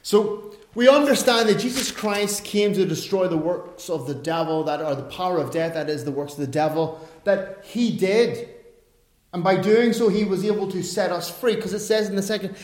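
A man's voice: high voice, moderate pace. A middle-aged male pastor preaching a sermon, emphatic, with chatty asides and self-corrections. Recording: echoey room.

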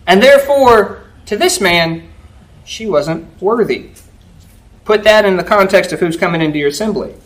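Man preaching an animated sermon. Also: high voice, poor audio. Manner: animated storytelling, frequent "right?" checks. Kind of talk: conversational sermon.

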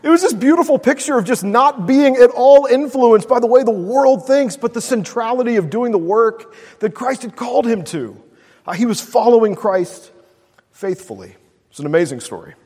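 A man's voice: very high voice, lively intonation, normal speed, darkish tone, husky. A male pastor preaching a sermon in a casual storytelling way, full of "like" and "uh". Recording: long hall reverb.

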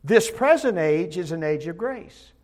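Animated and measured in pace, a pastor with a high-sitting voice preaches a Bible study sermon. He's emphatic, veering between loud declarations and gentle asides, and often repeats words as he begins phrases.

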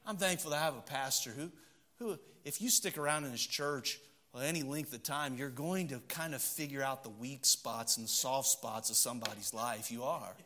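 A middle-aged man, preaching a sermon in church and telling stories, shifting between loud emphatic stretches and low quiet ones. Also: normal speed. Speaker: pastor. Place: church sanctuary.

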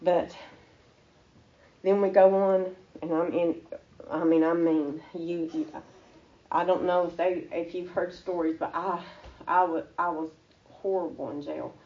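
A woman telling her personal faith testimony in an earnest, halting, emotional way. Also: lowish voice, fairly even intonation, muffled recording.

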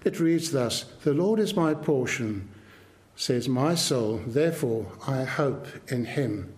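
Male preacher, slow and measured, emphatic sermon delivery, echoey church room. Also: mid-range voice, animated, darkish tone.

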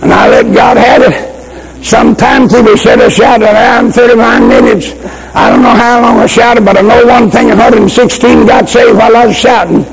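Impassioned older preacher, gravelly and shouting. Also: male voice, very high-pitched, normal speed, a loud crowd, poor audio. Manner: impassioned, breaks into shouting and pleading. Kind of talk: fervent sermon testimony. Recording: old recording with loud background noise.

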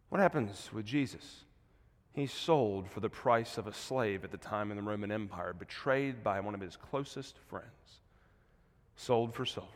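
Male preacher, mid-pitched, shifting from hushed to booming, long church reverb. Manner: swings from hushed, soft passages to loud, emphatic preaching. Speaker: pastor. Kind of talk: sermon. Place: church sanctuary.

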